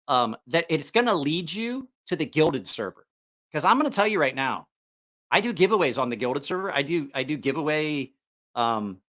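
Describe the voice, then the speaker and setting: Middle-aged male livestream host, bright, crisp tone, casual and rambling. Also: a little high. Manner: rambling, with many fillers and restarts. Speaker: knife channel host.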